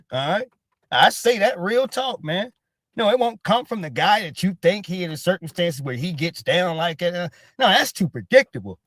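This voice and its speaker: A man hosting a casual live stream, retelling gossip in an animated way, punctuating nearly every line with "all right?" and acting out what others said. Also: high voice, dry recording. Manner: repeats "all right?" constantly, animated storytelling, acts out quotes. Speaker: host.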